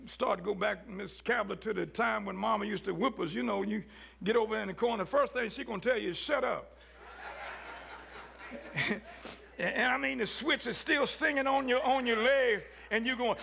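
Male pastor, high and gravelly, preaching with hushed-to-shouted swings. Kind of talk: sermon.

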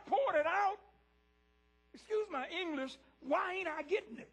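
A man preaching a sermon to a congregation in a church, swinging from loud peaks to hushed lows and speaking straight to the people in the pews. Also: lively intonation, unhurried. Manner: talks directly to the congregation.

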